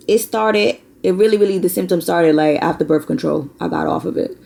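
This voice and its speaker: Gravelly young American woman vlogger. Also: fairly low pitch, a little fast, hardly any pauses, dark tone. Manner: candid, conversational, many fillers and likes. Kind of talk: casual chat while doing makeup.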